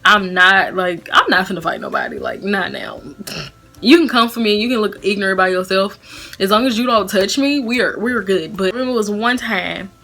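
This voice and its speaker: A woman's voice: mid-range voice, very animated, brisk, sharp tone, soft background music. A young woman vlogger telling a personal story to camera in a casual, chatty way, laughing now and then. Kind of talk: storytime vlog.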